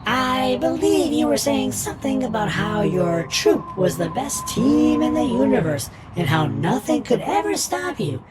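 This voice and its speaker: A man's voice: very high-pitched, very animated, measured pace, few pauses, noisy background, full character voice. A man voicing a giant male trumpet alien villain in a children's audio story, taunting and drawn out.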